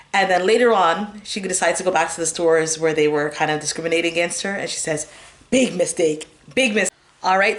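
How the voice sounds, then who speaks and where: Low-voiced chatty woman reviewing movies. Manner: rambling, chatty, lots of fillers and giggles. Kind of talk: casual chat.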